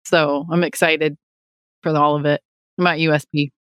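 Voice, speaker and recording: A woman's voice: low voice, level tone, normal speed, fairly bright tone, clean tone, no room sound. A woman co-hosting a casual podcast, talking in a rambling way with restarts. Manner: rambling, with frequent restarts and laughs. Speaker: podcast co-host.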